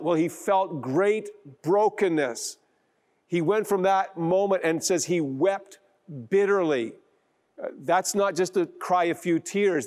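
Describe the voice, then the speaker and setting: A man's voice: fairly high pitch, darkish tone. A man preaching as a pastor, retelling a story and acting out the quoted lines. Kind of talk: sermon.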